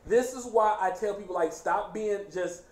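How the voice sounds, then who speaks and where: Man, host, casual chat, high voice, joking and laughing, echoey room, faint noise. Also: moderate pace. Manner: animated, joking, laughing often.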